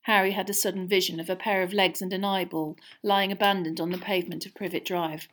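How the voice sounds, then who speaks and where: A woman's voice: on the low side, level tone, fast, a little hiss or hum. Woman reading an audiobook. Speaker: narrator. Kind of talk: audiobook narration.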